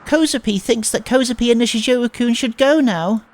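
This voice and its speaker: A man's voice: very high-pitched, normal speed, pitched above the performer's own voice. A man voicing a timid, odd young girl who talks about herself in the third person, with childish baby talk. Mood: shy.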